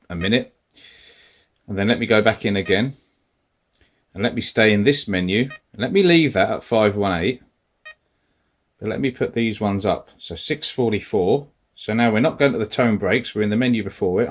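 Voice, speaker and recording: A man casually walking through device settings step by step, talking as he presses buttons. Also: lowish voice. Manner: relaxed, explains step by step while pressing buttons. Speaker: metal detecting tutorial host. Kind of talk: casual instructional walkthrough.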